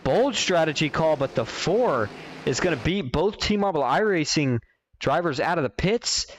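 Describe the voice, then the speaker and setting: Excited man calling a sim race. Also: on the high side, no room sound, poor audio. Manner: excited, quick bursts when action happens. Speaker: race commentator. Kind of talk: sim racing play-by-play commentary.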